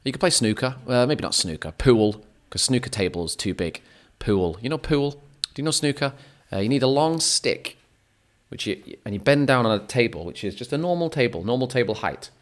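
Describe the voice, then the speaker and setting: A man's voice: mid-range voice, animated, a little fast. A man chatting casually as a teacher to his viewers, rambling, correcting himself and making joking asides. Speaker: English teacher. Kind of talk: casual chat.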